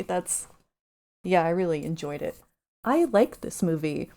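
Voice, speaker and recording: A woman scientist appearing as a podcast guest, talking in a relaxed, easygoing way. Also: on the low side, normal speed. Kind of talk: casual chat.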